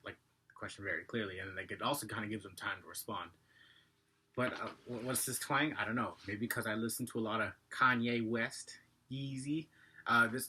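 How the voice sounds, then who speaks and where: Fast-talking man with a slight Asian accent. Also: on the low side, pushed and bright, husky. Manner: rambling, self-correcting, talks fast. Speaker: vlogger. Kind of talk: casual vlog monologue.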